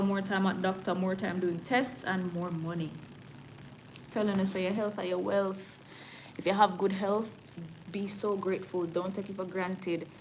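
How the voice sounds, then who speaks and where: A woman's voice: on the low side, slight background noise, rough recording. A woman with a Jamaican accent hosting a casual livestream, chatty and sliding into patois. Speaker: livestream news host.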